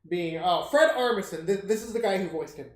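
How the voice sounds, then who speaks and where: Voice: mid-range voice, animated, fairly quick. A stream co-host chatting casually about a movie, rambling with many fillers. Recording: echoey room.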